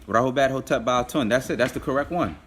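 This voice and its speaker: A man teaching a live online language class, patiently repeating and drilling words slowly. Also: medium pitch, fairly bright tone.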